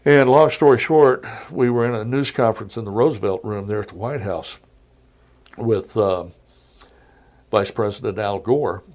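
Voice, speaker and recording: A middle-aged man, a TV news anchor, telling anecdotes in a relaxed podcast interview. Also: lowish voice, moderate pace. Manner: easygoing anecdotal storyteller. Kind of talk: casual interview storytelling.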